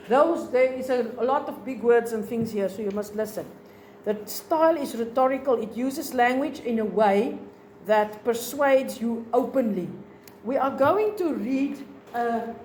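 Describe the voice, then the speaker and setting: A South African woman teaching a lesson, explaining slowly, repeating points and asking the class questions. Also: sits high, a little mellow, roomy sound, a little hiss or hum, poor audio.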